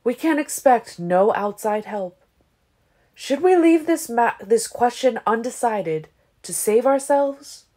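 A smooth, ancient vampire leader, read by a woman narrator in an audiobook. He speaks with a falsely gentle, tolerant politeness, lifting his voice a little above the plain narration. Every word is measured and courteous. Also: medium pitch, big pitch swings, voice pushed up. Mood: smooth, condescending. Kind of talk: audiobook character reading.

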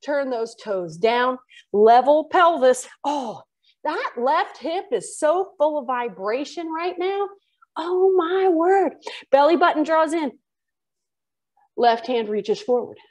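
A woman's voice: sits high, lively intonation, takes it slowly. A woman teaching a yoga class, giving chatty, encouraging cues between breaths while moving in and out of poses, her voice drifting off-mic at times. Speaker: yoga instructor. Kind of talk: guiding a live yoga class.

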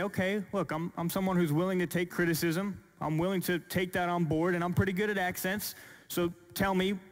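A man giving a Christian apologetics talk to an audience, earnest and deliberate, building up rhetorical questions and slowing down for emphasis. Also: high voice. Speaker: Christian speaker.

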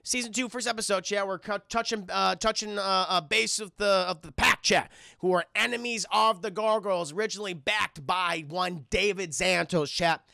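A young man streaming a cartoon review, talking casually and excitably to his chat, with lots of swearing. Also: sits high, normal speed, creaky, dry recording, studio quality. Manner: profane, excitable, talks to chat.

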